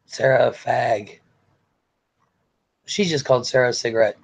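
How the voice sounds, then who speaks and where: A man's voice: mid-range voice, unhurried, gravelly, slightly rough. A man, hosting a live-stream chat, rambling, sighing and reading viewer comments aloud with jokes. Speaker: show host.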